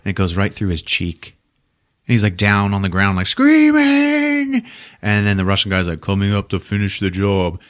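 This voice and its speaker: A man's voice: deep voice, brisk, clean tone. A man hosting a podcast, recapping a movie casually with lots of swearing and 'like'. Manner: animated, profane, full of 'like'. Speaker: podcast host.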